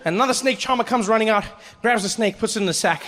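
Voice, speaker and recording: High-voiced animated man doing stand-up. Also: quick pace. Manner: animated, lots of voices, punchy asides. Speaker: stand-up comedian. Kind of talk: stand-up storytelling.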